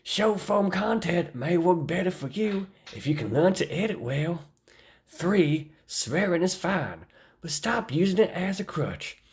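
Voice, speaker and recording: A woman voicing a preachy male commenter in a put-on Southern drawl, mocking and slow. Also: fairly low pitch, expressive, pitched above the performer's own voice. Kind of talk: mock reading of a comment.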